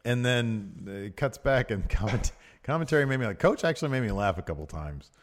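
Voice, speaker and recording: A man's voice: mid-range voice, expressive, a little fast. A man co-hosting a casual wrestling recap, chatty, laughing easily and trailing off with fillers. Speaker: co-host.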